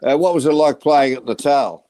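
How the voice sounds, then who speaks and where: A man's voice: on the high side, normal speed, dark tone, no echo. A man with a mid-range voice, hosting and steering the chat with questions. The sound is dry and close, with no room around it. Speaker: host. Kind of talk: radio interview.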